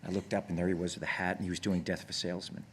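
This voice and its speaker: Guy with a lowish voice telling stories on stage, keeps restarting, gets excited, bit of faint noise. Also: very fast. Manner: rambling anecdotes with many restarts; grows excited and laughs when telling stories. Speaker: actor guest. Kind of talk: casual on-stage conversation. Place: on stage before an audience.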